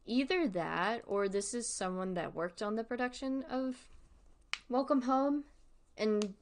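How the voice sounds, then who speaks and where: A woman's voice: a little high, a little slow, slight background noise. A woman streaming casual commentary, giggly and rambling, often correcting herself. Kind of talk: casual commentary on a web series.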